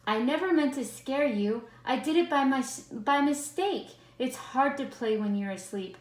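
A woman's voice: sits high, unhurried, a little hiss or hum, pitched above the performer's own voice. A woman voicing a friendly, clumsy young male monster who talks in a sing-song rhyming way. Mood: cheerful. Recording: roomy echo.

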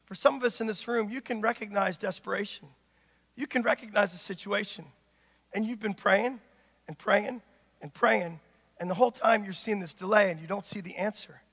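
A man, a pastor, preaching a sermon with call-and-response, swinging from shouted lines to hushed passages. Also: high-pitched, normal speed, slightly rough. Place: church sanctuary. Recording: long church reverb.

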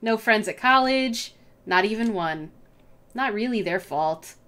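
A woman's voice: mid-range voice, lively intonation, unhurried, fairly bright tone. A woman playing an anxious, awkward young dropout. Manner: self-deprecating, nervous.

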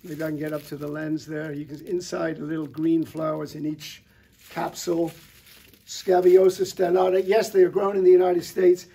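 A middle-aged man presenting flowers in an enthusiastic, relaxed showcase talk, with frequent fillers. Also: a little high, normal speed, vocal fry, breathy edge. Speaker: florist presenter.

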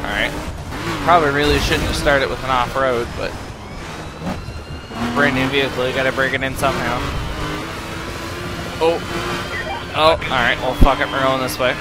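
A young man commentating a racing game, swearing angrily at it and breaking into loud shouts and yelps. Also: fairly even intonation, moderate pace, long pauses, very noisy. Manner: angry, profane ranting at the game; shouts and yelps in sudden high bursts. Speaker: gaming YouTuber. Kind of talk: let's play commentary. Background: game music and car engine sounds.

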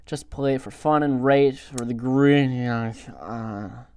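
A young man hosting a gaming channel, reacting excitably to the game with yelps and groans. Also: mid-range voice, slow pace, clear, resonant tone. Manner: excitable, frequent outbursts and groans. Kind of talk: game commentary.

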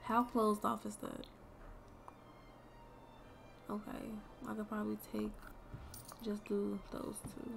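A young woman with a gravelly, fry-edged voice at a middling pitch, chatting loosely to her viewers while she plays. She swears freely and thinks out loud, with faint game music underneath. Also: monotone, slow pace, long pauses. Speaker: streamer. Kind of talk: casual gameplay commentary.

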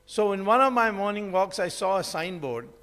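High-pitched guy giving a rambling talk, lots of uhs, echoey hall. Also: animated, a little fast, a bit bright. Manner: rambling, many fillers and restarts, storytelling. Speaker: public speaker. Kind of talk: public lecture. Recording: hall reverb.

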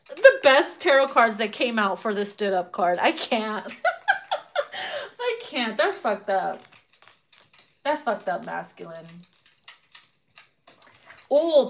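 A woman's voice: on the high side, slow pace, pauses often. A woman giving a casual tarot reading, brash and profane, laughing often and acting out people's reactions, with her voice getting worn. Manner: animated, acts out quoted reactions. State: losing her voice. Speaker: tarot reader.

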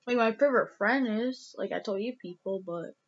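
A woman's voice: mid-range voice, moderate pace, lo-fi sound. Teary rambling young woman vlogger. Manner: rambling, heavy use of "like", many restarts; emotional, close to tears. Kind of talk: casual vlog talk.

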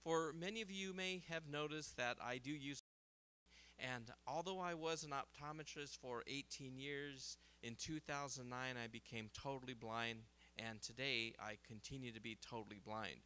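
A middle-aged man, an optometrist, speaking at a seminar in a lively storytelling way and laughing at his own jokes. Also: mid-range voice, moderate pace, clear, resonant tone. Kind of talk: seminar talk with anecdotes. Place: seminar hall.

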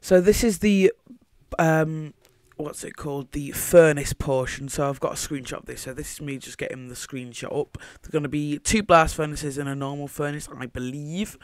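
A man's voice: on the high side, moderate pace, no echo. Rambling man narrating gameplay. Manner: meandering, thinking aloud. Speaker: Minecraft builder commentating his own footage. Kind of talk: casual gameplay commentary.

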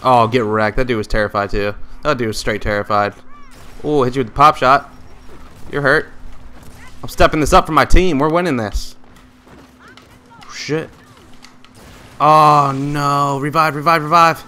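Young man, gameplay commentary, excitable trash talk, crisp tense voice. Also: mid-range voice, measured pace, long pauses. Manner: excitable, trash-talking, swings from loud outbursts to muttering. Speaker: gaming YouTuber.

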